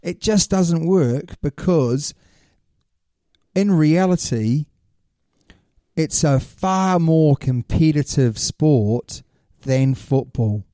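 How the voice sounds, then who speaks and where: A man with a very dark, mellow voice co-hosts a casual podcast chat. He explains at length and lays out questions for his co-host. The sound is dry and close. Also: fairly high pitch, lively intonation, very slow, no echo.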